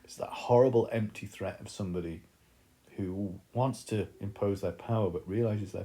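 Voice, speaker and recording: A man's voice: fairly low pitch, moderate pace, dark tone. A man teaching a literature lesson, explaining in a thoughtful way with frequent fillers.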